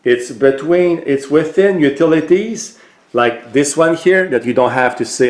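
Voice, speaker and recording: A man casually demonstrating a gadget in a relaxed, explanatory way, with frequent hesitant fillers. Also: a little high, a little slow. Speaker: tech vlogger. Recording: roomy echo.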